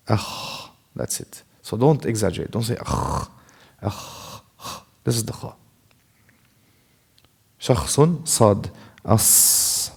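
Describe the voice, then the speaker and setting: A man's voice: on the low side, a little mellow. Man teaching with long hall reverb. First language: Arabic. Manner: corrective, demonstrates sounds by repeating them. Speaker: Quran recitation teacher. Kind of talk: tajweed lesson.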